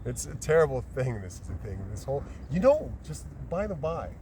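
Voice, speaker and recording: Animated rambling man outdoors. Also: mid-range voice, moderate pace. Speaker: council candidate being interviewed. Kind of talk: casual outdoor chat. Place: outdoors on a bluff by the lake. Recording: distant mic outdoors with ambient noise.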